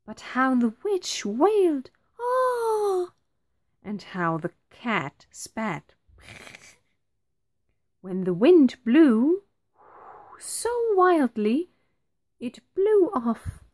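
A woman reading a rhyming picture book aloud to children, like a teacher. She takes it very slowly, line by line, with clear, careful phrasing. Her pitch rises and falls widely to bring the story alive. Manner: very slow, expressive, clearly phrased.

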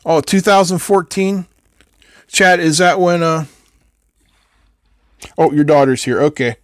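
A man's voice: on the high side, fairly even intonation, a little slow, dry recording, clean studio sound. An older man hosting a live electronics build who chats casually and rambles, answering viewers between soldering steps. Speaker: host of an electronics build stream. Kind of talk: casual chat while soldering.

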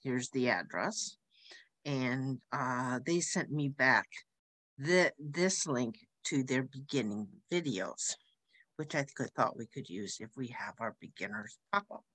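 A woman's voice: a bass voice, animated, slow pace, fairly bright tone, no echo, rough recording. A woman hosting an online class who speaks hesitantly, with many fillers and restarts. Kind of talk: casual spoken introduction.

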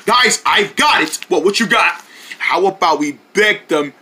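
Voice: mid-range voice, lively intonation, measured pace, pushed and bright, slightly rough, full character voice. A performer voicing bossy, scheming bug-virus characters in a homemade toy skit.

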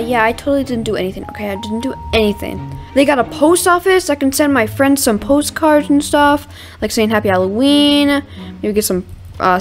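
An excitable young woman who hosts a gaming channel chats casually as she plays, gasping at new discoveries and restarting her sentences. Her voice is a little high, and soft music plays underneath.

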